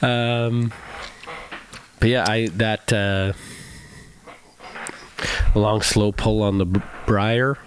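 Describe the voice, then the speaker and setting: A man's voice: fairly low pitch, level tone, drawn-out words, long pauses, a little hiss or hum. A male musician in casual podcast chat, talking animatedly, laughing often and swearing freely.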